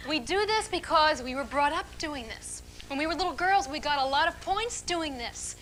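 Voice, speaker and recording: A middle-aged woman leading a seminar for a live audience, talking in an animated, emphatic and playful way. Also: sits high, moderate pace, a little hiss or hum. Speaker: relationship speaker leading a seminar.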